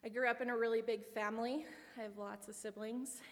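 A woman's voice: fairly high pitch, steady tone, fairly quick. A woman giving a sermon, earnest and reflective, with a personal story. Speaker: preacher. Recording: long hall reverb.

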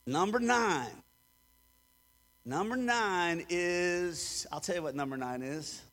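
A male pastor with a very high-pitched voice preaches with emphasis, pausing for the congregation to repeat phrases back to him. His voice rings out with a long reverb trailing behind each phrase, as in a large hall. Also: animated, fairly bright tone. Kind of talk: sermon.

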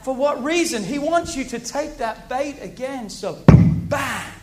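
A man preaching a sermon to a congregation, animated, repeating key phrases and asking the audience questions. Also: very high voice, moderate pace, over music.

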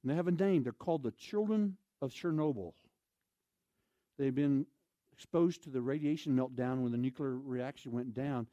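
A man's voice: medium pitch, normal speed, dark tone, no room sound, lo-fi sound. A man preaching a storytelling sermon, acting out scenes and throwing questions to his audience.

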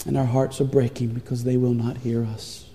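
A man's voice: medium pitch, level tone, normal speed, warm tone, a little hiss or hum. Earnest preacher man in a reverberant hall. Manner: earnest, pleading storytelling with rising intensity. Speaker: pastor. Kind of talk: sermon. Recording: long reverb of a large hall.

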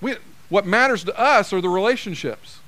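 A man's voice: high-pitched, expressive, moderate pace, a bit bright. A man preaching a sermon, conversational and direct, acting out the lines people say to each other. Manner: conversational preaching, acts out quoted dialogue. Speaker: pastor.

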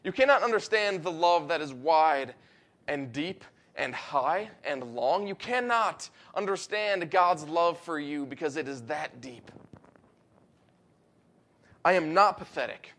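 A man with a high, light voice delivers a sermon. He preaches with earnest conviction, building to emphatic high points and slowing down on the words he wants to land. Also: expressive, fairly bright tone. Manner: earnest preaching, rising emphatic peaks, slows for weight. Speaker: pastor.

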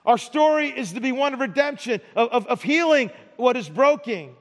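A man's voice: very high-pitched, animated, normal speed, a bit bright. A middle-aged man preaching a sermon as pastor, talking in a conversational way, often repeating words and tagging lines with "right?". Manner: conversational preaching with repetitions and tag questions. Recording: large hall reverb.

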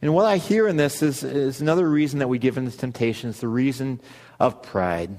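Male pastor, mid-pitched, earnest sermon delivery; long reverb from a hall. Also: a little mellow. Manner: earnest, reads scripture aloud with pauses.

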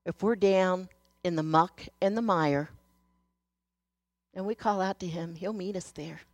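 A woman giving a sermon in an earnest, storytelling way, moving between hushed passages and emphatic ones. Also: on the low side, measured pace, no room sound. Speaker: speaker sharing a devotional message.

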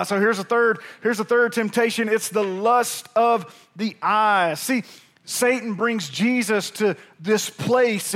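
A male pastor with a notably high voice for a man, preaching with energy. He calls out to the congregation and urges them along. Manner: energetic, talks to the congregation directly. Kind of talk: sermon.

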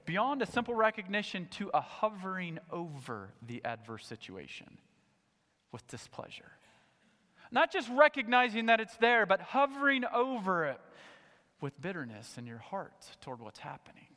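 A man preaching a sermon to a church congregation, animated, swinging between loud emphatic points and low, quiet asides. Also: normal speed, in a large hall. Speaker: pastor. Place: church sanctuary.

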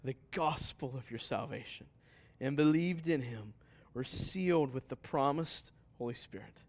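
A man's voice: mid-range voice, unhurried. A man reading a scripture passage aloud during a sermon, building in emphasis as he goes. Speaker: pastor.

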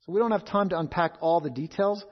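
Guy preaching w a high voice, slow and emphatic, kinda dull lo-fi sound. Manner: measured, emphatic, repeats key phrases. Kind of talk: expository sermon.

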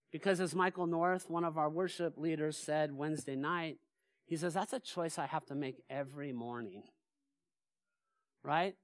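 A male pastor preaching a sermon in a church, animated and asking his congregation rhetorical questions. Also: fairly high pitch, no room sound, studio quality. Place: church sanctuary.

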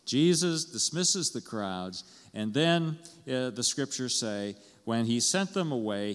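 Slow-speaking man preaching a sermon. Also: on the low side, big-room sound. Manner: conversational, asks the congregation questions, chuckles. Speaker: pastor.

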